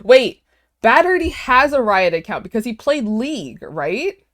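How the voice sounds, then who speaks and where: A woman in her twenties streaming from home, chatting casually and excitedly with her viewers, with lots of "like" fillers. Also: on the high side, normal speed.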